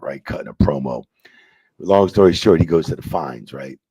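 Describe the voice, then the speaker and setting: A man's voice: a bass voice, moderate pace, warm tone, breathy edge. A man in a casual interview who tells stories, swears freely and acts out quotes animatedly. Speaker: retired wrestling referee, guest.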